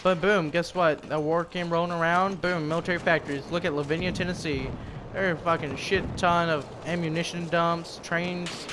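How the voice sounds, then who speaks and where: Here a young American man comments on a game at a normal speed, his fairly high voice showing little pitch movement. As a gaming commentator he is profane and rambling, switching topics with asides, while game music and gunfire fill the noisy background.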